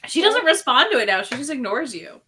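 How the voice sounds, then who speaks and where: A woman's voice: high-pitched, big pitch swings, brisk, sharp tone, slight background noise. A woman co-hosting a readathon stream, telling stories in casual chat with a giggly manner. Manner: giggly, storytelling. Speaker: readathon co-host.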